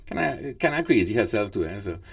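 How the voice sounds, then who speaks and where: A man's voice: lowish voice, very animated, fairly quick, gravelly. A man, hosting a casual radio chat show, rambling with lots of fillers and laughs.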